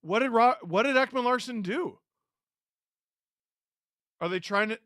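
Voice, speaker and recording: A man hosting a live hockey watch-along, giving excitable play-by-play reactions and sarcastically heckling the referees. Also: extremely high pitch, unhurried, long pauses, dry recording, clean studio sound.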